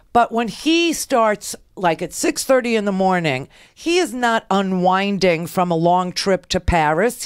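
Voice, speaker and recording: A woman's voice: mid-range voice, no echo, clean studio sound. A middle-aged woman hosting a political talk radio show, with a sarcastic, mocking delivery. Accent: New York.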